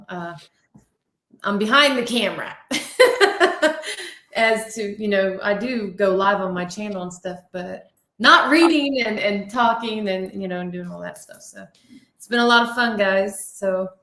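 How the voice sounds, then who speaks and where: A woman, a podcast guest, chatting in a friendly, thankful, slightly halting way. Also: medium pitch, sharp tone. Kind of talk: casual chat. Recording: echoey room.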